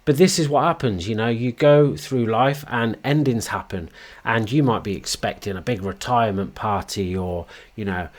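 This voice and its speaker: A man's voice: on the low side, moderate pace. A man hosting a wrestling commentary show, talking in a blunt, frustrated casual rant with crude slang. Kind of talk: opinionated casual monologue.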